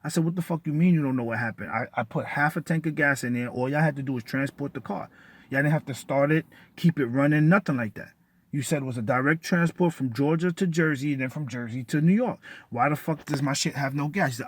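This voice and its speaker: A man's voice: mid-range voice, fairly quick, dry recording. A man telling a story in an agitated, profane rant, cursing and repeating himself. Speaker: vlogger.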